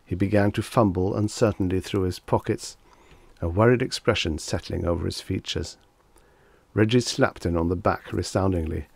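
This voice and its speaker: A man narrating a vintage short story as an audiobook, in a steady, measured storytelling manner. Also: deep voice, creaky, breathy edge, no room sound.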